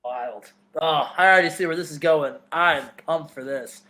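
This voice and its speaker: A male co-host chats casually, tossing in joking asides and short reactions. His voice is notably high for a man and easygoing. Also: moderate pace, bright, forceful tone. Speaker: podcast co-host. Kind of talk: casual chat.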